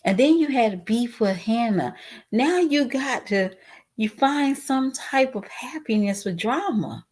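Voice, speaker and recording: A woman's voice: a little high, lively intonation, a little slow, darkish tone, slightly rough. A woman vlogger talking straight to her viewers in a casual, outspoken, emotional way, sometimes tearful with a cracking voice. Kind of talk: casual commentary vlog.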